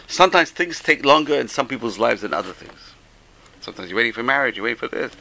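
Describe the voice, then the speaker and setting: A man's voice: medium pitch, expressive, quick pace, vocal fry, pauses often, sharp tone, low-quality recording. A man, teaching a Torah class, who repeats key phrases for emphasis and tells jokes along the way. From England.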